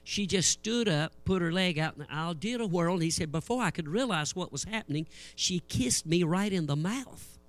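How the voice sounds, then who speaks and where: Older preacher guy telling funny church stories, high voice, very dry close sound. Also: normal speed, no room sound, soft background music. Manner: folksy, animated, acts out voices in anecdotes. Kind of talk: humorous sermon storytelling.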